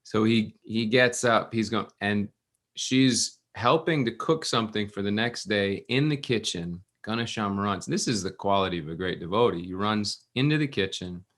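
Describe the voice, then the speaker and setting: A man giving a scripture class at a temple, telling a story with lively restarts and acted-out quotes. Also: on the low side, moderate pace. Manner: animated, restarts, acts out quotes.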